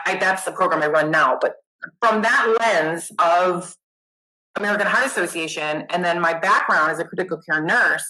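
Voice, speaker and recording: A middle-aged woman, a nurse guest, chatting casually in an interview, animated and self-deprecating. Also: fairly low pitch, low-quality recording.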